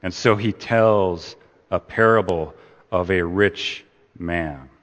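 Male preacher, low pitch, unhurried and emphatic sermon delivery, echoey hall. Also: a bit bright. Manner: deliberate, emphatic, stresses key words.

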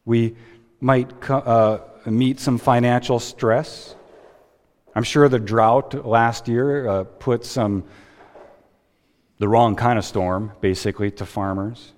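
A man preaching a sermon as a pastor, slow and deliberate with dramatic pauses, heard in a church sanctuary. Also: medium pitch, fairly even intonation. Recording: long reverb of a church hall.

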